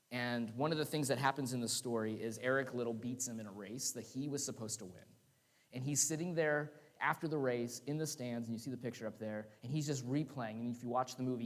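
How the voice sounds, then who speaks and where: A man giving a conversational sermon with laughing asides, recorded in a church sanctuary. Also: mid-range voice. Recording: long church reverb.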